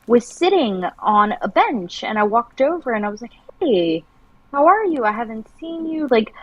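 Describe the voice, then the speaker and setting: Woman, casual livestream chat, animated storytelling, mid pitch, dry sound. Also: dry recording, muffled recording. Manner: chatty, animated storyteller with many restarts. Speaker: livestream co-host.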